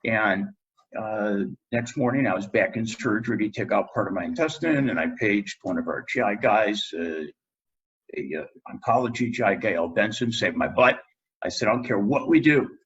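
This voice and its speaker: A man's voice: fairly low pitch, normal speed, husky, muffled recording. A middle-aged man, a guest dentist, telling a personal story in a podcast interview and acting out what people said. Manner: animated storyteller, acts out quotes.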